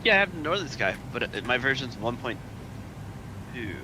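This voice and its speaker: A man's voice: medium pitch, sing-song, moderate pace, background noise. A man co-piloting in a flight simulator, chatting casually and teasing his partner. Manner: teasing, joking. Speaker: co-pilot and co-host. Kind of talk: casual gaming chat.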